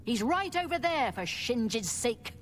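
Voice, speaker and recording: A woman's voice: a little high, big pitch swings, measured pace, a little hiss or hum. A curt, impatient game woman. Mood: irritated. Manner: curt, irritated. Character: gruff impatient woman who brushes people off.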